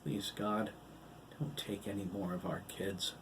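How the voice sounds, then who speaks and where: A man's voice: lowish voice, steady tone, measured pace, a little hiss or hum, natural voice. A man reading the part of a wry, anxious woman in an audiobook.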